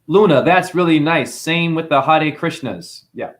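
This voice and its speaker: A man's voice: a little high, measured pace. A man with a New Zealand accent hosting a livestream, rambling and preachy as he reads out chat messages. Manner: rambling, preachy, calls listeners honey. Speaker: livestream host. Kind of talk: livestream monologue reading chat.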